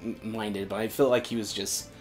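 Low-voiced man rambling casually. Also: steady tone, normal speed, faint music behind. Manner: rambling, with many restarts and "uh"s. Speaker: co-host. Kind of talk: casual fan chat.

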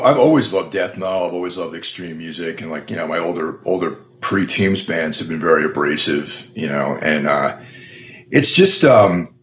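A man's voice: low voice, fairly bright tone. A man talking as a guest in a podcast interview, laid-back and loose, leaning on "like" and "you know". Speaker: guest musician. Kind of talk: casual interview chat.

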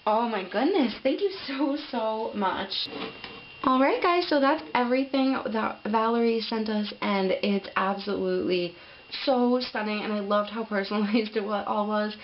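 A young woman in a casual vlog, opening a gift package and gushing with excitement, full of fillers and little laughs. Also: medium pitch, highs cut off, a little hiss or hum. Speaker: pet vlogger.

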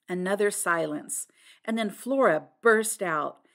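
A woman reads a novel aloud as its narrator. Her voice has a medium pitch and a very animated melody. The reading is expressive and scripted. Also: moderate pace. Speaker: audiobook narrator.

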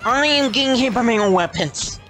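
A man giving casual gameplay commentary in a let's play, animated and playfully complaining. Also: very high-pitched, a little fast, soft background music.

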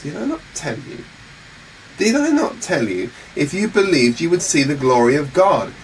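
A man's voice: fairly high pitch, sing-song, moderate pace, voice pushed up, low-quality recording. A man voicing an exasperated yet tender rabbi who pleads and exclaims in a raised, earnest voice. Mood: pleading. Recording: faint hum, mic set back.

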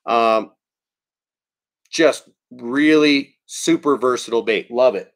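A man hosting a live-stream fishing video, talking in a relaxed, rambling way with frequent ums while he answers viewers' chat. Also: mid-range voice, slow. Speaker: fishing channel host. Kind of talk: casual live-stream product talk.

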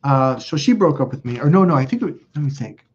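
A man talks fast and expressively in a medium-pitched voice with a breathy edge. As host of a casual livestream, he's a blunt, profane storyteller who rambles while reading viewer comments; the audio is dull lo-fi.

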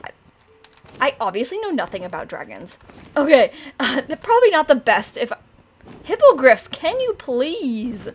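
A young woman hosting a casual game let's-play, bubbly and excitable, often gasping and squealing with delight. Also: high voice, moderate pace, breathy edge. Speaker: gaming channel host.

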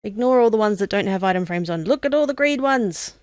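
A woman's voice: medium pitch, quick pace, no echo. A woman giving casual commentary on her own gameplay, talking to herself as she plays. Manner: chatty, talks to herself, bursts into excited shouting. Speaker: let's play gamer.

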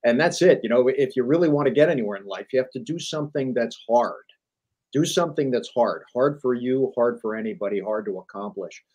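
A middle-aged man, a journalist and author, telling business stories in a lively, emphatic way as a guest on an interview show. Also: medium pitch, fairly quick, poor audio. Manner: animated storyteller, emphatic repetition. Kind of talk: conversational interview.

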